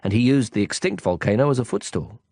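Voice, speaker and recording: A man narrating an audiobook, telling the story slowly and expressively. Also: on the low side, mellow, no room sound, studio quality. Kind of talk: scripted narration.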